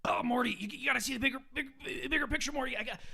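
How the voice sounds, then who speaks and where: A man's voice: very high voice, rapid-fire, creaky, bright, forceful tone, pitched above the performer's own voice, full character voice. A man voicing a selfish old mad scientist who stutters and drawls dismissively.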